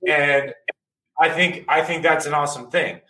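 A man's voice: on the high side, moderate pace, sharp tone. A man, a former rugby player, ranting animatedly as a guest on a casual podcast. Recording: echoey room, distant from mic, faint noise.

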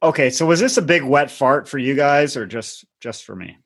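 A man co-hosting a casual comedy podcast, sardonic, dropping low for mocking asides. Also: expressive, moderate pace, a bit bright. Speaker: podcast co-host.

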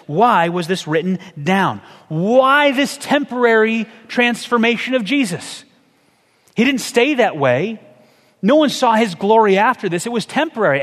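A man with a fairly high voice preaches to his congregation in an easy, conversational way, often pausing to ask questions. His words ring out with a long reverb, as in a large church sanctuary. He keeps his delivery engaged and chatty rather than formal. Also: a bit bright. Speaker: pastor. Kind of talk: sermon.

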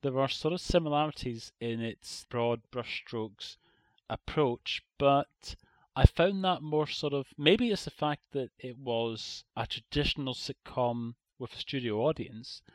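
A man's voice: medium pitch, unhurried, dry recording. An Irish man co-hosting a podcast, giving a blunt, opinionated critique in a casual chat. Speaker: podcast co-host.

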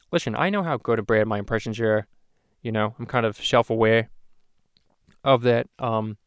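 A man's voice: fairly low pitch, clean tone, no echo, studio quality. Profane rambling man venting. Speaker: YouTube host. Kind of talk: casual rant to camera.

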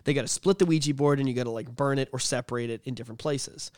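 A young man tells a story on a podcast in a casual, animated way. He swears often and rambles with lots of fillers. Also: mid-range voice, fast, no echo, studio quality. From Canada. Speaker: podcast host.

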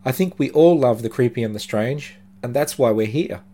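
A man hosting a podcast, narrating true creepy stories in a measured, dramatic way with slow pauses. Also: medium pitch, mellow. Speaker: podcast host.

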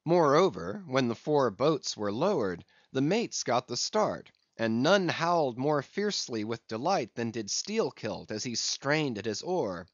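Expressive man reading a classic sea story, muffled dry recording. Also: medium pitch, unhurried, hardly any pauses, no room sound. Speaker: audiobook narrator. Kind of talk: scripted narration of a classic novel. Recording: dull lo-fi audiobook recording.

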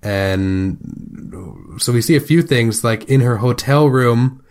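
A man's voice: medium pitch, slow, a little mellow. Wry man narrating a TV plot. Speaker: podcast co-host. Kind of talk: casual recap chat.

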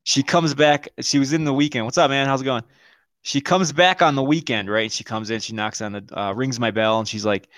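A podcast co-host with a fast, fairly bright, medium-pitched voice tells a story in casual conversation. He swears freely, laughs often, and performs the lines of the people involved.

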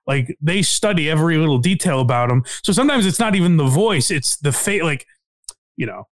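A man's voice: on the high side, expressive, brisk. A man co-hosting a casual comedy podcast, rambling and laughing with plenty of restarts. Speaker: podcast co-host.

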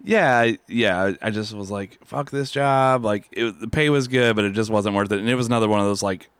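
A man's voice: fairly low pitch, fast talker, fairly bright tone, smooth, no echo. A man in his thirties, a podcast guest, rambling casually with lots of cursing and fillers. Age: 30s. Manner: rambling, profane, many fillers and laughs. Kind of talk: casual chat.

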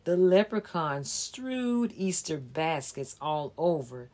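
A woman reads a children's story aloud at a very slow, deliberate pace, her voice sitting a little low. She also explains holiday symbols in a careful presenter's manner. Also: sing-song, darkish tone.

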